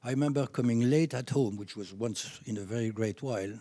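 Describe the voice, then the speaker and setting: A man in his seventies from France with a French accent, telling anecdotes from his career as a chiropractor in a lively, laughing way. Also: mid-range voice, a little fast, no room sound. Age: 70s. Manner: animated anecdotes with laughs, rising when excited. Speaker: chiropractor speaking at a conference. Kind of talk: storytelling talk.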